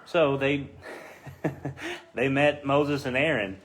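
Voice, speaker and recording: Animated man leading a Bible study. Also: extremely slow. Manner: animated, acts out quotes with rising pitch. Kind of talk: casual Bible study teaching.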